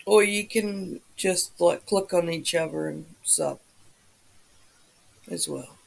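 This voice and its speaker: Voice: mid-range voice, slow, creaky. A livestream host in a just-woken-up morning voice, chatting casually with viewers and greeting them by name.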